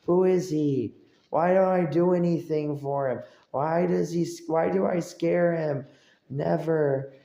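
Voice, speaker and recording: A whiny, frustrated grown man, as a streamer puts him on, pitched up and loud, with a gravelly edge. He fires off rising complaints one after another, heard in a roomy, echoey space. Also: measured pace, muffled recording. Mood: whining.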